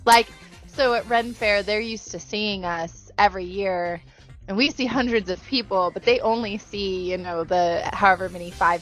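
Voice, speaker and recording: A woman's voice: mid-range voice, a bit bright. A woman co-hosting a casual podcast chat, joking and laughing often. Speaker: podcast co-host.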